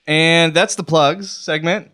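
A man's voice: fairly high pitch, fairly even intonation, takes it slowly, bright, forceful tone. A man hosting a podcast, joking and teasing his co-hosts in casual banter, swearing freely and laughing often. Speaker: podcast host.

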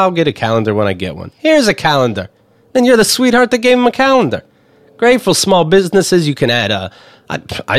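Man, podcast co-host, joking, animated, lively pitch, dry studio sound. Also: no echo. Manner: joking, animated, reads ad copy loosely. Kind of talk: casual comedic chat.

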